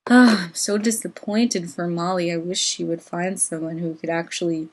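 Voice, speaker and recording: Brief: woman hosting a casual book-discussion vlog, lowish voice, chatty and relaxed. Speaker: book vlogger.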